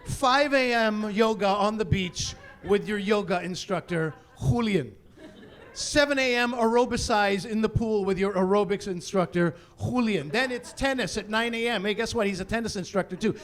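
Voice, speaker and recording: A middle-aged man from Canada performing a stand-up comedy set, animated, with loud bursts of exasperation as he acts out other people. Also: high voice, normal speed.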